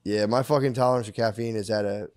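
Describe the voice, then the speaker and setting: A man's voice: fairly low pitch, steady tone, quick pace, darkish tone, no room sound. A man co-hosting a podcast in casual chat, rambling and swearing, acting out his own outbursts. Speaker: podcast co-host.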